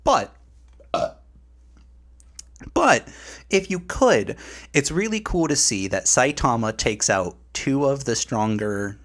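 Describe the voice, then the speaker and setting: A man co-hosting a podcast in casual chat, animated and laughing often, with a lot of "like" fillers. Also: medium pitch, takes it slowly, pauses often. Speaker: podcast co-host.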